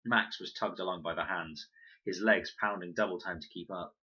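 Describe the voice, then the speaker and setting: A man reading a children's novel aloud in an expressive, animated way. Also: low-pitched, normal speed, slightly rough. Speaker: storybook reader. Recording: dull lo-fi recording.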